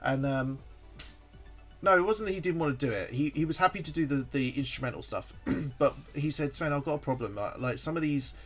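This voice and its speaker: A man's voice: fairly high pitch, normal speed, soft background music. A man hosting a livestream, telling a story in a casual, rambling way with lots of fillers and restarts. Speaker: site founder hosting a livestream.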